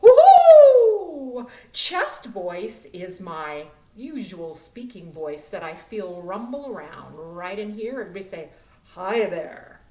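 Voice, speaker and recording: A woman directing a children's choir in an upbeat online music lesson, talking in an animated, expressive way. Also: fairly low pitch, unhurried, few pauses. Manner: animated, expressive, demonstrates voice sounds. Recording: roomy, from a distance.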